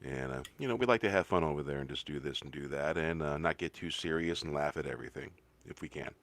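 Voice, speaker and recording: A male guest on an online roundtable, talking casually and haltingly with many fillers. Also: rumbling low, creaky, fairly bright tone. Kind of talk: casual chat.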